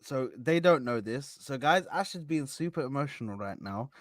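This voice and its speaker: A man hosting a live football reaction panel, animated and talking over the others with lots of "bro". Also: mid-range voice, moderate pace, dry recording, studio quality. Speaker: host of an Arsenal reaction stream. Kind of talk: casual live panel chat.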